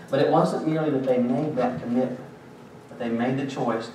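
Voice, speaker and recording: Speaking briskly at a medium pitch, a man preaches as pastor, joking and telling stories in a conversational way. It was captured in a church sanctuary on a distant mic, very echoey, with noise behind him.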